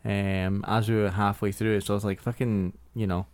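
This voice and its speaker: A man's voice: fairly low pitch, little pitch movement, a little fast, a little mellow. Sweary man chatting. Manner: sweary, mocking banter. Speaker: podcast co-host. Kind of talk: casual chat.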